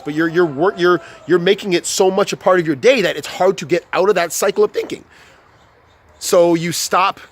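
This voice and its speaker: A young man ranting to camera with a lot of swearing, stumbling and restarting his sentences, and growing heated. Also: high-pitched. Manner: profane, repetitive, heated and restarting. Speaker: vlogger. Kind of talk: unscripted motivational rant.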